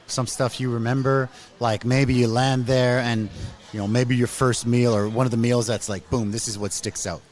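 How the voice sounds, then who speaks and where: A man's voice: mid-range voice, level tone, normal speed, darkish tone. A man hosting a podcast interview, easygoing and chatty, filling gaps with "okay" and "cool". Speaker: podcast host. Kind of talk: casual interview.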